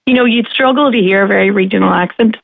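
A woman's voice: medium pitch, quick pace, gravelly, no echo. Forthright Derry woman on a tinny phone line. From Derry, Northern Ireland. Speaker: radio caller. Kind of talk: radio phone-in discussion.

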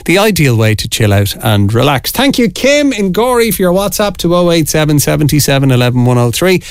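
A man presenting on local radio in a chatty, lively way. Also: on the high side, fairly quick, clear, resonant tone, dry recording, clean studio sound. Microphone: studio microphone.

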